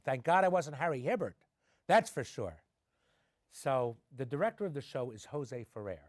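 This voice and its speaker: A middle-aged man, an actor being interviewed, telling animated stories and acting out the people in them. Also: mid-range voice, normal speed, no echo, studio quality. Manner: animated anecdotes, acting out quoted voices. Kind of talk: conversational storytelling. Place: television studio.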